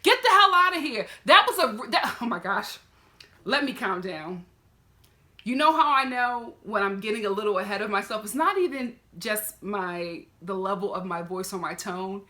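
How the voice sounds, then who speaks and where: Southern woman vlogging, sassy and emphatic, bright voice that swings all over. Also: medium pitch, animated, normal speed, few pauses. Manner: sassy, emphatic, talks straight to the camera and the show's people. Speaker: vlogger reviewing a reality show. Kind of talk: animated casual commentary.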